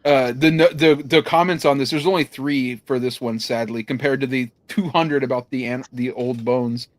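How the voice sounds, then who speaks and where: A man's voice: medium pitch, fairly even intonation, normal speed, no room sound. A young man co-hosting a podcast, casually reading news stories and listener comments aloud with joking asides. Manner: reads headlines and comments aloud with laughs and asides. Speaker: podcast co-host.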